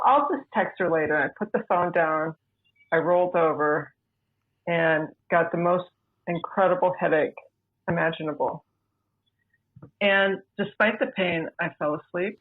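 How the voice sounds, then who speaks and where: A woman, a podcast guest, telling her own story in a measured, deliberate way over a remote line. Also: fairly low pitch, breathy edge. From United States. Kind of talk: personal storytelling. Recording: tinny phone-like remote line.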